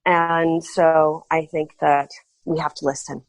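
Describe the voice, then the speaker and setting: A woman's voice: deep voice, level tone, takes it slowly, no echo. A woman guest on a podcast, telling a story animatedly and acting out quoted dialogue. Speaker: guest artist.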